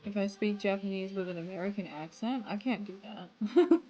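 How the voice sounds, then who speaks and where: A woman's voice: mid-range voice, normal speed, dark tone, dull audio. A young woman game streamer chatting casually with her live chat and laughing often between lines. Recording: noisy room ambience.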